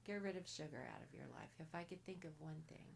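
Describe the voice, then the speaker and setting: A woman guest on a casual podcast, soft-spoken and nearly whispering at times, giving blunt advice in short commands. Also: low-pitched, animated, fast, vocal fry. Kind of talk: casual interview.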